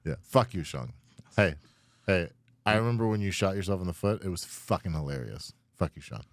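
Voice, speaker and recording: A man with a deep voice hosts a podcast, tossing in short wisecracks and crude jokes. The recording is dry and close. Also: animated, dry recording. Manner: quick joking interjections, profane. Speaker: podcast host. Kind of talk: casual chat.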